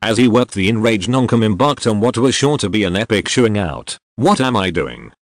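A male text-to-speech voice narrating a scripted story with an even, steady delivery. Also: lowish voice, a little fast, dry recording, studio quality. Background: faint background music.

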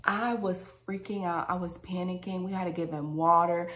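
Brief: woman vlogger, lower voice, chatty and dramatic, speaks directly to viewers. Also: moderate pace. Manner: animated, dramatic, slangy, addresses viewers directly. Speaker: vlogger and dental hygienist. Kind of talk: casual storytime monologue.

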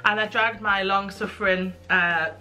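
A woman's voice: medium pitch, fairly even intonation, normal speed, sharp tone, soft background music. A young British woman telling a candid, self-mocking story in a casual chat. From United Kingdom. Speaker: guest.

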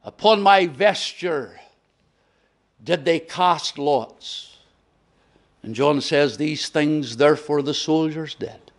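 Slow, high-voiced Northern Irish preacher. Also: male voice. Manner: slow, emphatic preaching with dramatic drops to a hush. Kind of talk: gospel hall sermon.

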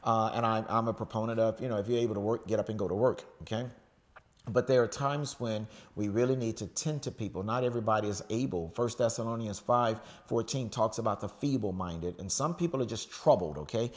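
Middle-aged male pastor from the US, lowish voice, chatty sermon delivery with "okay?" asides. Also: fairly quick. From United States. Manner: conversational preaching with frequent "okay?" check-ins and restarts.

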